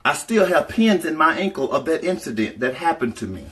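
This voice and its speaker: A woman telling a personal story in a casual vlog, animated and profane, talking straight to her viewers. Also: low voice, brisk.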